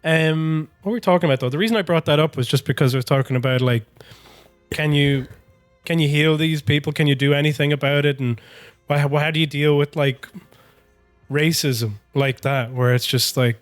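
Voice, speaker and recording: A man's voice: on the high side, fairly even intonation, fairly quick, clean tone, no room sound. Irish man, podcast co-host, casual rambling chat, fillers and restarts, faint music under.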